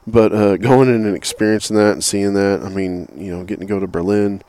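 A middle-aged man in casual conversation, talking haltingly with many fillers and restarts. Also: lowish voice, fairly even intonation, dark tone.

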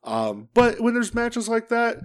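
A man co-hosting a wrestling podcast, chatting loosely with bursts of excitement and frequent swearing. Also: very high-pitched, unhurried, smooth. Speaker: podcast co-host. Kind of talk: casual wrestling chat.

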